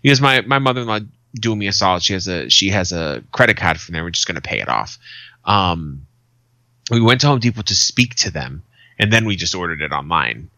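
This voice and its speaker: A man's voice: low-pitched, expressive, a little fast, sharp tone, dry recording. A man in his thirties, a podcast co-host telling stories in casual chat, swearing freely and acting out quotes. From Arizona, USA. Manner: swearing, storytelling with acted quotes.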